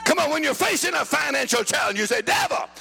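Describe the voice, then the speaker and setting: A middle-aged man preaching a sermon, shouting and sing-song, mixing laughter and a told joke into his delivery. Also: very high voice, very animated, quick pace, gravelly, faint music behind.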